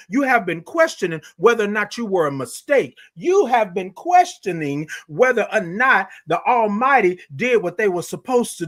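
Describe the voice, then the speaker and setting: High-voiced man preaching to his listeners. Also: fairly bright tone. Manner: preacherly, addresses listeners as y'all, repeats phrases for emphasis. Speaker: morning show host. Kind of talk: motivational spoken monologue.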